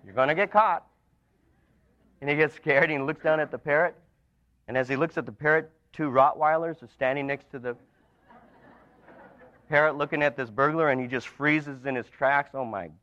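A man preaching a sermon, telling stories and dropping to soft, emphatic lines. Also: mid-range voice, dry recording. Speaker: pastor. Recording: dull lo-fi recording.

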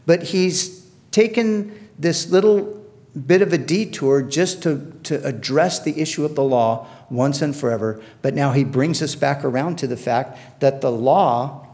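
A man preaching a sermon, earnest and emphatic, slowing down to quote scripture and often repeating words as he restarts. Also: on the high side, darkish tone. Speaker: pastor.

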